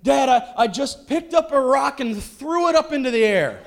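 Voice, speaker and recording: A man's voice: extremely high pitch, expressive, normal speed, creaky, pitched above the performer's own voice, full character voice. A man voicing his sheepish seven-year-old son, apologetic.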